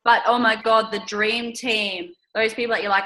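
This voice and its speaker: An upbeat woman talks her team through a coaching call in a bright, forceful voice. She is chatty and encouraging. The sound is roomy and echoey. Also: on the high side, flat delivery, moderate pace, hardly any pauses. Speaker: network marketing team leader.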